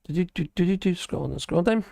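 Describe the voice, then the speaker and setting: Man, casual live-stream host, rambling and chatty, slightly high voice, dry close sound. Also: expressive, a little fast, creaky, warm tone, no echo. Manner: chatty, rambling, reacts to chat comments with chuckles. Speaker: livestream host.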